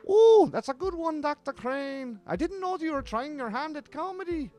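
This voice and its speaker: Daphne, a man in falsetto as a chirpy young woman. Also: lively intonation, a little mellow, faint music behind. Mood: teasing. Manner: high falsetto, drawn-out, teasing.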